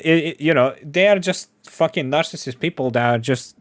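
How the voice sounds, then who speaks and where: A man's voice: a little high, fairly quick, dry recording. Man, casual reaction commentator, slangy and profane, laughs a lot, dry close sound.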